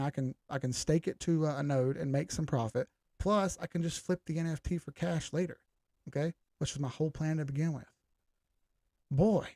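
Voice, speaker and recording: A man with a somewhat high, gravelly voice hosts a live stream and talks through charts in a loose, casual way. He is blunt and combative and speaks straight to his viewers. The sound is close and dry. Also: a little mellow, no room sound. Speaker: crypto live-stream host.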